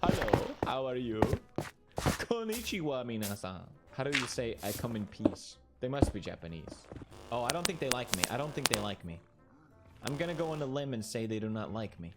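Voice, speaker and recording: A man's voice: medium pitch, animated, a little fast, over loud music. A young man streaming a game, giving playful, jokey commentary and talking to the characters on screen. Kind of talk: gameplay commentary.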